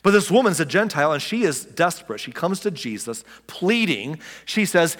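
A man's voice: on the high side, big pitch swings, normal speed, hardly any pauses, fairly bright tone, long reverb tail. A man preaching a sermon as a pastor, talking in a conversational way, asking the listeners rhetorical questions and speaking to them directly.

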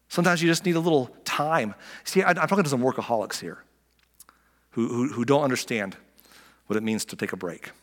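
A middle-aged man preaching a sermon as a pastor, animated, acting out voices and dropping to soft near-whispers for emphasis. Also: mid-range voice, in a large hall.

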